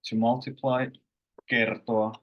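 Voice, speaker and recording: A man, teaching a casual language lesson with slow, halting explanations. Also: medium pitch, flat delivery, muffled recording.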